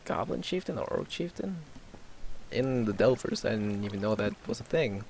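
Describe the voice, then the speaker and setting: A man's voice: lowish voice, expressive, moderate pace, a little mellow, a little hiss or hum. A young man casually narrating an online roleplay session, reading the chat aloud with hesitant fillers. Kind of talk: casual let's play narration.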